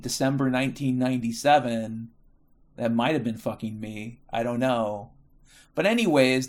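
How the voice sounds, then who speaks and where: A middle-aged American man telling stories in a casual monologue, profane and rambling, often correcting himself. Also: medium pitch. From United States.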